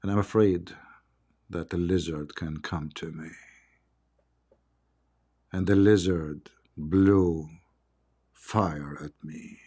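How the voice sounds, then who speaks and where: A man's voice: deep voice, steady tone, takes it slowly, long pauses, mellow, breathy edge. A man hosting a live-streamed debate with callers. He is sick with the flu and talks in a mocking, sarcastic way, with broken English grammar. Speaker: debate host.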